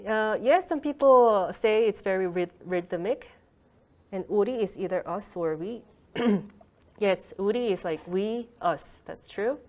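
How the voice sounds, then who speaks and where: A woman's voice: medium pitch, expressive, a little slow. Female language lecturer, online workshop, patient explainer, talks through a video call. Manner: explains patiently, frequent fillers and restarts.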